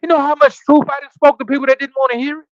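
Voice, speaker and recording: A man with a very high voice speaks very fast in a flat delivery, recorded on a streaming setup that sounds muffled with no room sound. He hosts a livestreamed scripture study podcast, reading Bible passages aloud, then riffing on them in a casual, preachy way, quizzing listeners and tossing in slangy asides between readings.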